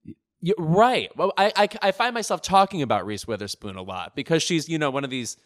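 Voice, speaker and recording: Wry man with a lively voice. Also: on the high side, fairly quick. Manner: wry, sardonic, self-deprecating. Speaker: podcast co-host. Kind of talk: casual pop-culture chat.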